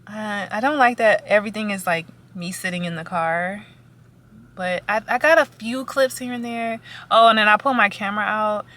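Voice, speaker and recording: A woman's voice: mid-range voice, normal speed, sharp tone. A young woman chatting casually in a rambling vlog update, recorded sitting in a car on a camera mic. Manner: rambling, chatty, many fillers and restarts. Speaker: vlogger. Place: in a parked car. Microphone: camera with foam windscreen.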